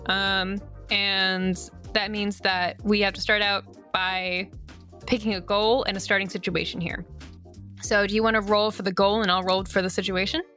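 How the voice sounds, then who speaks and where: A woman's voice: mid-range voice, little pitch movement, normal speed, pushed and bright, soft background music. Upbeat woman explaining game rules. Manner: upbeat, swears casually. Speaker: co-host and game runner.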